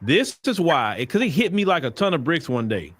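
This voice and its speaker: A man's voice: a little high, very animated, normal speed, a bit bright, dry recording. A man, hosting his own stream. He talks emphatically, fires off rhetorical questions and circles back on his points. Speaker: show host. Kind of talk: livestream commentary.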